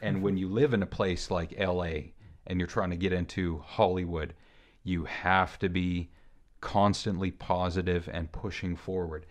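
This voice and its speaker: A man with a deep, low voice chats casually on a film review podcast. He muses aloud, relaxed and unhurried, drifting softer as he works through an idea. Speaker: podcast co-host.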